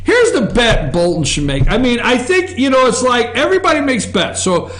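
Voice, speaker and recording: A man's voice: very high voice, very animated, normal speed, fairly bright tone, a little hiss or hum. A man hosting an opinionated news talk show from an office, rambling and sarcastic, with asides to his crew. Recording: echoey room.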